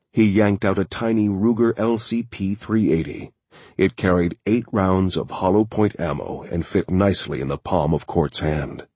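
A man narrating a thriller audiobook in a steady, measured way. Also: sits low, slightly rough, dry recording.

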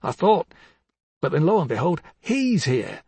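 Man voicing a bitter, bullying husband, husky, slightly high, for a dramatic audiobook. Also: very animated, measured pace, dry recording, heavily acted. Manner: bitter, accusing, swings from hushed to harsh. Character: bitter, jealous older husband, bullying and weary.

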